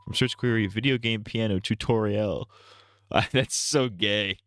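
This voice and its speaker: A man's voice: on the low side, measured pace, fairly bright tone. A male streamer casually reading game text aloud with irreverent, crude asides.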